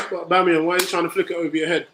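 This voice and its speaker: A man's voice: on the high side, little pitch movement, very fast, noisy background. A man, streaming a football watch-along, reacting to the play and reading viewer comments aloud. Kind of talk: live match commentary and chat reading.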